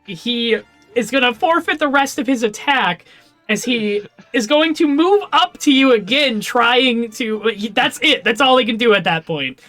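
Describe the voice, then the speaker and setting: A woman's voice: a little high, animated, a little slow, a bit bright, soft background music. A woman narrating as game master of a tabletop game, rambling with lots of fillers. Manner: rambling, many fillers and laughs.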